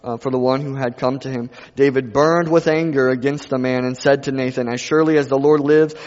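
A male pastor preaching a sermon, moving from quiet passages to loud ones and repeating phrases for emphasis. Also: mid-range voice, steady tone, brisk. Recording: dull sound with long reverb in a hall.

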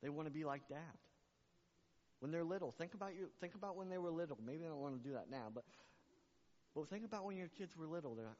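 A man's voice: on the high side, fast, a little mellow. A man preaching a sermon as pastor, repeating words and building to fervent climaxes. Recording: long reverb, dull lo-fi sound.

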